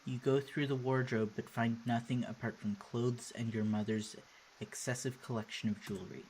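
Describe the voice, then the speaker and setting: A man's voice: medium pitch, steady tone, normal speed, darkish tone, a little hiss or hum. Wry young man reading a game aloud. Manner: wry, playful, reads narration aloud. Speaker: let's play host. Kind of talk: reading and playing a video game.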